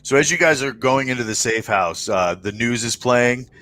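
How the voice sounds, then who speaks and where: A man's voice: medium pitch, animated, normal speed, sharp tone. A man narrating a tabletop game as game master on a live stream, rambling with many fillers and restarts.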